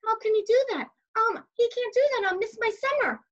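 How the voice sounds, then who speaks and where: A woman doing an eager little boy. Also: moderate pace. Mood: alarmed. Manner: high, excited and pleading. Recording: slightly dull lo-fi recording.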